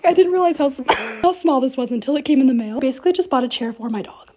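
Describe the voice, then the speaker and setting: A bubbly woman talks over her own vlog in quick, gushing little remarks. Her voice sits high and bounces lively up and down, and a steady hiss runs under the close recording. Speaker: lifestyle content creator.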